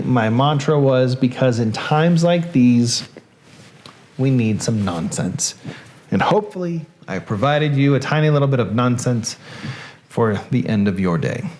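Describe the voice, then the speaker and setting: A man's voice: medium pitch, darkish tone. A man with a Southern accent hosting a reading show, chatting in a loose, joking, rambling way. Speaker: host. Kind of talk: casual show sign-off.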